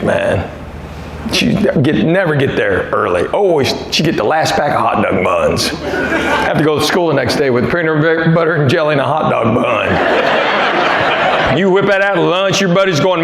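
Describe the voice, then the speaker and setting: A middle-aged man from Tennessee with a Southern accent, doing a deadpan stand-up comedy set. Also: fairly high pitch, moderate pace, pauses often. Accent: East Tennessee Southern. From Knoxville, Tennessee, US. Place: theater stage before a live audience. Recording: echoey live venue with audience noise.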